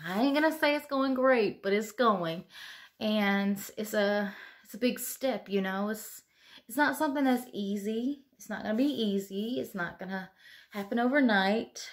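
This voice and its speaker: A young woman talks openly to her camera late at night, her voice tearful and interrupted by sighs. She rambles and circles back, leaning on "you know" as she goes. The pitch and pace sit in an ordinary middle range. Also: moderate pace. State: tearful, sighing. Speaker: vlogger.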